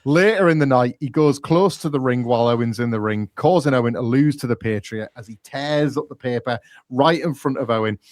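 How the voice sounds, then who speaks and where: A man's voice: medium pitch, fairly quick, dry recording, studio quality. A man, co-hosting a podcast and retelling events in casual chat, acting out quoted lines with energy. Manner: animated retelling with acted-out quotes. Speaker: podcast co-host. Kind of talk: casual chat, recapping wrestling.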